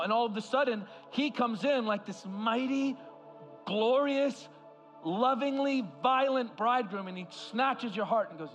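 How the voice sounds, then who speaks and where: Impassioned high-voiced male preacher. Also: a little slow, lo-fi sound, soft background music. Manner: impassioned preaching, swings from loud to hushed. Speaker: guest preacher. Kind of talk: sermon. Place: large church hall.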